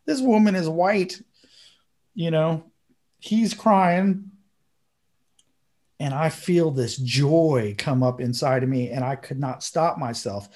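A man co-hosting a podcast, telling a story in casual chat and acting out the quotes with sudden high bursts. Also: slow pace, pauses often, darkish tone. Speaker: podcast co-host.

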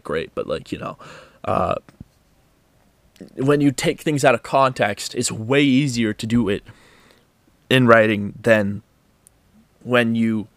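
A man's voice: medium pitch, no room sound. A man hosting a casual podcast, rambling and swearing, with many restarts. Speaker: podcast host.

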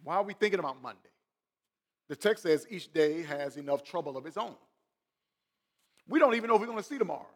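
A man's voice: on the high side, expressive, fast, pauses often. Man preaching a sermon in a reverberant hall. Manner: preaching with sudden swells and drops in volume; talks straight to the congregation, asking questions. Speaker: pastor.

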